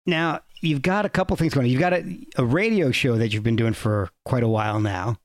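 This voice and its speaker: A man's voice: mid-range voice, a little fast, no room sound, clean studio sound. A man hosting an interview podcast, asking questions and giving short encouraging reactions. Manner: encouraging, brief reactions and laughs. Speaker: podcast host.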